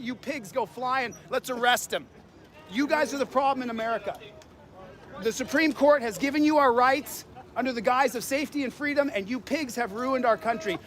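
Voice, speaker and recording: A man's voice: very high-pitched, moderate pace, fairly bright tone. A man filming himself as an independent journalist, confronting and insulting police in a public parking lot with a combative, taunting manner. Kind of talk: street confrontation.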